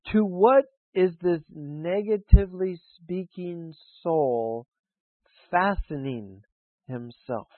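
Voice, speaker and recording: A man preaching a sermon, reciting affirmations in a slow, deliberate way with long pauses. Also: fairly high pitch, no room sound. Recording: dry, phone-like narrow sound.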